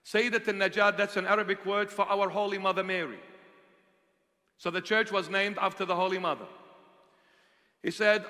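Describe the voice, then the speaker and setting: Passionate bishop, a man with a high, bright, cutting voice, preaching from hushed to loud in a reverberant hall. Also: fairly even intonation, normal speed, pauses often. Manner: impassioned, swings from hushed to loud. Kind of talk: sermon storytelling.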